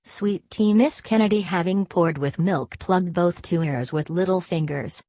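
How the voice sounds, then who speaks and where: Low-voiced, slow woman narrator. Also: dark tone, no room sound. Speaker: audiobook narrator. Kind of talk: literary audiobook narration.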